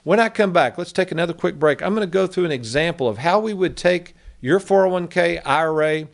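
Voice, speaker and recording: A man's voice: a little high, a little fast, vocal fry. Radio money guy, talks folksy, tells stories to make his point. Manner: folksy, persuasive, storytelling. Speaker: radio show host and financial advisor. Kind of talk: radio talk show monologue.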